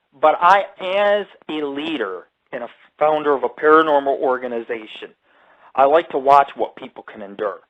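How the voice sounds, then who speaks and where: Guy ranting on his own radio show, swears constantly, blunt, kinda muffled lo-fi sound. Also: mid-range voice. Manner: blunt, heavily profane storytelling. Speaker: radio show host and paranormal group founder. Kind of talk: casual live radio monologue.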